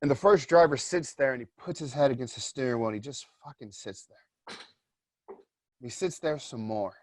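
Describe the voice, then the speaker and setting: A man guest in a casual interview, telling a story in an animated way, swearing freely and repeating his points. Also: mid-range voice, moderate pace, no room sound.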